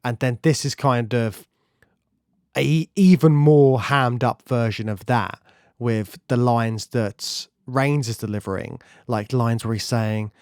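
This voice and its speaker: A man talking eagerly about old films on a podcast, his voice lively and quick to laugh. He has a mid pitch, and the recording is dry and close with no room sound. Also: clean tone, no room sound. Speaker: podcast co-host. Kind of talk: casual film discussion.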